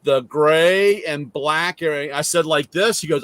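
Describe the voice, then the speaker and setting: A man in casual conversation, spinning a wry, deadpan anecdote and putting on the other people's lines as he goes. His voice sits a little high, and it is recorded close and dry with no room sound. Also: a little slow, no echo. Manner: wry, deadpan storyteller acting out dialogue. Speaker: host. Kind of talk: casual storytelling chat.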